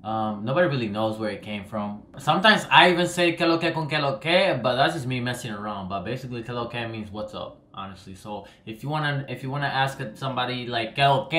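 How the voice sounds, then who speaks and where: A young Dominican man chats casually to the camera, loose and slangy, his voice sitting at an ordinary middle pitch. His lines often trail off as he rambles on, and the room gives his voice a noticeable echo. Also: bright, forceful tone. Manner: loose, rambling and slangy, drifting off at the ends of phrases. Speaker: vlogger. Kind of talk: casual vlog explainer. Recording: echoey room.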